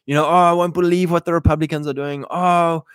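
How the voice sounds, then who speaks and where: A whiny, outraged man wailing over the news, as a speaker mocks him, his voice pushed up high and thin. The whining is exaggerated and mocking, recorded close and dry. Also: flat delivery, a little fast, clear, resonant tone, dry recording, close to an everyday voice.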